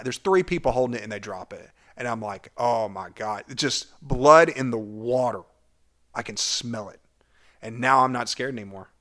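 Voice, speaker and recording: A young man telling a personal story about his school cheer days, vividly and animatedly, his loudness rising and falling with the tale. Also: mid-range voice. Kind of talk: storytelling vlog.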